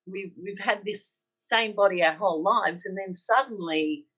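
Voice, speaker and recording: On a podcast, a middle-aged Australian woman earnestly shares her personal story, voicing the dialogue she quotes. Her voice is mid-range, unhurried, fairly bright and slightly rough, and the recording quality is low.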